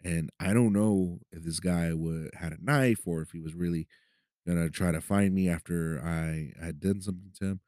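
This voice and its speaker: This man has a low, dark voice and talks at normal speed as he hosts a podcast from Los Angeles. He shares a personal story casually, swearing and frequently checking in with "right?". The recording is dry and clean, with a studio sound.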